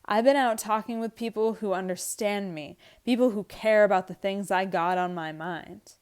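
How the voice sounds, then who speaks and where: A woman reading aloud the lines of a bitter, frustrated young husband from a script, slightly louder than her narration. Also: mid-range voice, normal speed, clear, resonant tone, lightly acted. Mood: angry, bitter. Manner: read aloud from a script, lightly acted.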